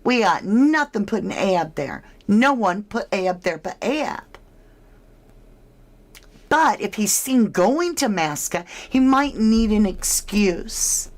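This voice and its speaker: A woman's voice: medium pitch, animated, takes it slowly. A woman giving casual, speculative true crime commentary, asking her listeners questions as she goes.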